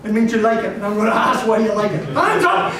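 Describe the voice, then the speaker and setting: A man gives an animated motivational talk to a live audience. His voice sits high and swings widely as he laughs and acts out quoted voices. He is caught from far off in an echoey hall with a clear hum of room noise. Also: fast talker. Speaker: sports psychology speaker.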